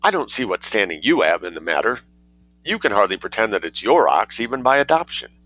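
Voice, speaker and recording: Guy reading as a dry unbothered painter, flat ironic delivery, lowish crisp voice. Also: a little fast. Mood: deadpan. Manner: cool, deadpan, dryly ironic. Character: unruffled dry-witted male artist. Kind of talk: storybook reading.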